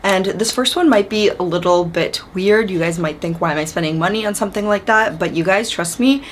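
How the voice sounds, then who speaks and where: A Canadian woman talks to camera about her monthly favourites in a relaxed, chatty way, with plenty of likes and ums. Her voice sits in a middle register. A faint background noise runs under the recording. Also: mid-range voice, a little fast. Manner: chatty, friendly, uses many fillers. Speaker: beauty vlogger. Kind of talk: casual chat to camera. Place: her room, indoors.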